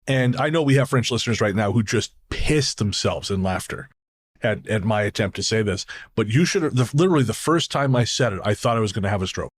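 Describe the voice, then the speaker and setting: A man's voice: lowish voice, lively intonation, husky. Rambling self-mocking male podcast host. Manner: rambling, self-deprecating, quick to laugh. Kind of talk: casual podcast chat.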